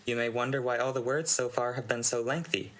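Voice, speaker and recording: A man hosting a channel, reading a conlang write-up aloud in a steady read-aloud delivery with dry asides. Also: medium pitch, a little fast, poor audio. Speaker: channel host reading a contest entry.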